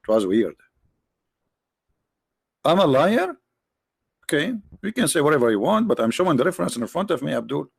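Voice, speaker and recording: A man's voice: a little high, very animated, moderate pace, gravelly, pauses often, husky, no room sound, clean studio sound. A man hosting a live religious talk, joking and sarcastic, rambling to his viewers. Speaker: online show host.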